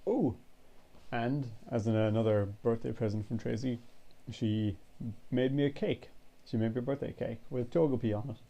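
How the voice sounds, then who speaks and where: A man's voice: mid-range voice, creaky, dark tone, highs cut off. A man in his twenties chatting casually in a home vlog, rambling through a story with lots of fillers, his throat a bit tired. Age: 20s. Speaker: vlogger. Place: home bedroom.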